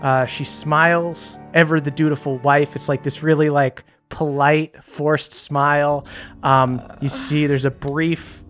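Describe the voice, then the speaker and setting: A woman narrating a tabletop game as game master, in a relaxed, chatty way with plenty of fillers. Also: low-pitched, unhurried, soft background music.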